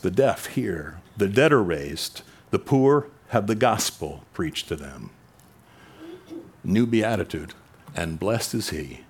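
A man with a fairly low voice preaching an expository sermon in a relaxed, conversational way. He asks rhetorical questions, jumps up in pitch for emphasis and sinks soft and low for quoted lines. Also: husky. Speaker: pastor.

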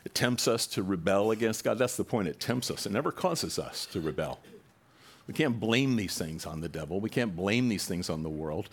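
A man's voice: fairly low pitch, lively intonation, normal speed, slightly rough. A man preaching a sermon to his congregation in a conversational way, now and then acting out quoted voices with rising animation. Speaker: pastor.

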